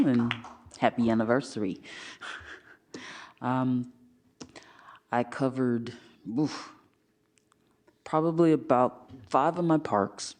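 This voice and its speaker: Man commissioner, slow-spoken, gravelly, loose and chatty. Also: mid-range voice, darkish tone. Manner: casual, rambling. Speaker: parks commissioner. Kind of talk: public meeting report. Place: city council chamber.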